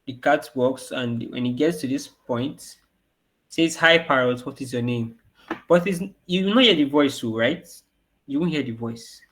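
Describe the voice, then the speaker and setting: A man's voice: medium pitch, a little slow, a bit bright. A man teaching an online coding class to children, asking questions and answering them himself. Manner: repeats questions for the kids to answer. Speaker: programming teacher.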